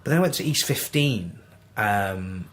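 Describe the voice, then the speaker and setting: A man's voice: fairly low pitch, measured pace. Mancunian young man telling stories. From Manchester, England. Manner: animated, acts out quoted dialogue. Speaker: podcast guest, actor. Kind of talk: casual anecdotal storytelling.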